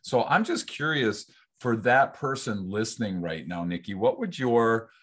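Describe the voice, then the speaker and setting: Deep-voiced man hosting a podcast. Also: measured pace. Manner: relaxed, asks reflective follow-up questions. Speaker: podcast host. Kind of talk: casual podcast interview.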